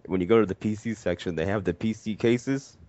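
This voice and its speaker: A man telling a long story in casual chat, animated and full of swearing. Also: on the low side, a little fast. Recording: dry, dull lo-fi audio.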